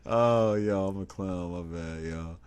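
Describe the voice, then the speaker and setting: A man's voice: sits low, slow, a little mellow, clean tone. A man hosting a casual live stream, reading an article aloud and breaking off into incredulous, stammering asides. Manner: frequent stammered restarts. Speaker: host.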